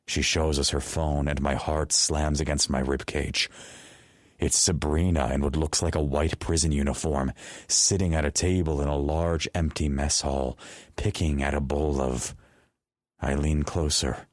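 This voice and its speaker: A male audiobook narrator with an extremely deep, low voice, reading in a measured first-person style. The sound is dry and close, with no room around it. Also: fairly even intonation, dry recording. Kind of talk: scripted narration.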